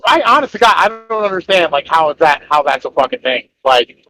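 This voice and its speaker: High-voiced crude, incredulous man. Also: expressive, fairly quick, pushed and bright, poor audio. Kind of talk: casual political chat.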